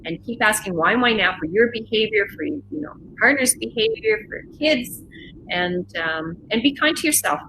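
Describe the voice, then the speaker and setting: A middle-aged woman from Canada giving parenting advice as an interview guest, speaking in a warm, reassuring way over a video call. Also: fairly high pitch, sing-song, normal speed, slight background noise, poor audio. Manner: warm, reassuring, repeats "right?". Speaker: interview guest, self-regulation expert. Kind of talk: conversational advice.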